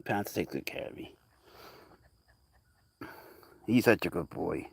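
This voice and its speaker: Man, cat-owner host, gravelly voice, dry close sound, rambling chatty livestream delivery. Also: animated, fairly quick, no echo. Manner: chatty, rambling asides, coos at his cat in a high voice. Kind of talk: casual livestream chat to viewers.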